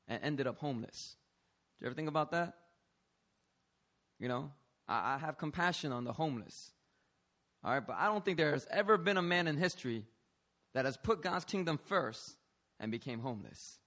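Lively man preaching. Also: on the high side, moderate pace, long pauses. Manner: lively, playful preaching with loud call-and-response. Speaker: pastor. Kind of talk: sermon.

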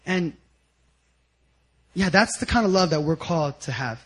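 A man preaching a sermon with personal stories, animated, sometimes shouting out quotes and laughing as he tells them. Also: a little high, normal speed, low-quality recording. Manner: animated storytelling, acts out quotes loudly and laughs. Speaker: guest speaker at a church service.

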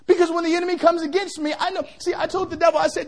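A middle-aged male pastor preaching a revival sermon, joking with the crowd and building to shouts. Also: extremely high pitch, flat delivery, very fast, hardly any pauses.

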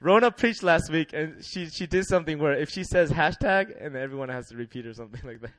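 A young man preaching a sermon in a lively, laughing way, leading the congregation in call-and-response. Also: a little high, fast talker, dry recording.

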